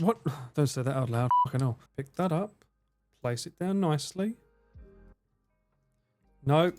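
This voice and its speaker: Brief: male streamer in his thirties, animated up-and-down voice, crude joking banter, faint music underneath. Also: a little high, unhurried, pauses often. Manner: joking, sweary banter with chat. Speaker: live streamer. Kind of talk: casual live-stream chat.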